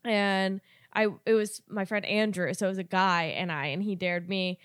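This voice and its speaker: A woman's voice: mid-range voice, steady tone, a bit bright, clear, resonant tone, dry recording, studio quality. A young woman chatting casually as a podcast co-host, cutting in with teasing remarks and laughing easily. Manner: teasing interjections, quick to laugh. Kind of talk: casual chat.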